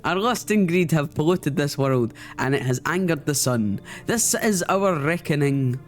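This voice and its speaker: A man puts on a zealous male cultist from a video game, preaching about holy sunlight in a raised, lofty voice. The delivery is grandiose and sermonizing, with soft game music underneath. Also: a little high, animated, a little slow. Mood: preachy. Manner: grandiose, sermonizing, swears mid-speech. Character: preachy sun-worshipping male cultist visitor.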